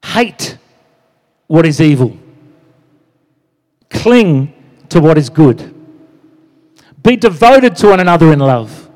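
Man, pastor, chatty sermon, fairly high voice, long hall echo. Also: darkish tone. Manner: conversational, frequent "you know" and "amen?" asides.

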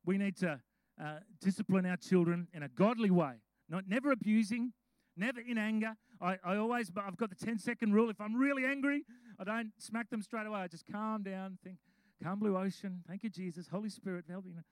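A man, a pastor preaching a sermon, mixing slow scripture reading with chatty storytelling. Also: high voice, no room sound, rough recording. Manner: reads scripture slowly.

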